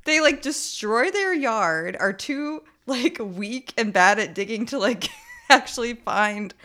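A woman's voice: on the high side, lively intonation, slow, sharp tone. A young woman casually recapping a TV episode as a podcast co-host, laughing often and filling her talk with "like". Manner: laughs often, many "like" fillers, mocking quoted voices. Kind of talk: casual chat recapping a TV show.

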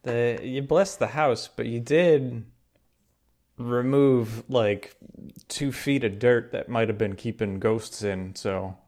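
A man's voice: medium pitch, slow pace, a little mellow. A man co-hosting a casual podcast, adding dry, wry one-liners. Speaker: podcast co-host. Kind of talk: casual chat.

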